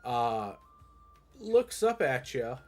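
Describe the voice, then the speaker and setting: A man's voice: medium pitch, sing-song, extremely slow, a little mellow, faint music behind. A man narrating a tabletop game as game master, rambling descriptions with frequent restarts. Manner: meandering, many fillers and restarts.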